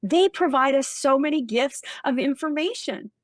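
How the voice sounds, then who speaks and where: A woman speaking as a guest expert in a casual interview, animated and emphatic, acting out bits of office dialogue. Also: high voice, moderate pace, no room sound, studio quality.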